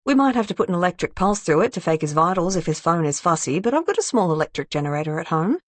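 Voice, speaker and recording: A woman's voice: lowish voice, very animated, fast, no echo. A woman voicing a blunt, sardonic woman sleuth in an audiobook who swears often. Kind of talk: audiobook character reading.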